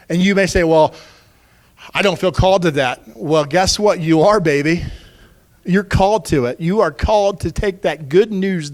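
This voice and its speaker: Pastor, man, high voice, urgent earnest sermon delivery with chatty asides.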